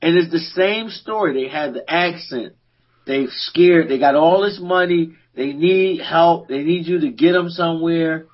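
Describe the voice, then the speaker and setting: A man co-hosting a podcast, telling stories in a casual, animated way and laughing often. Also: on the high side, a little slow. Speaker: podcast co-host. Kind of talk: casual storytelling chat. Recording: dull lo-fi recording.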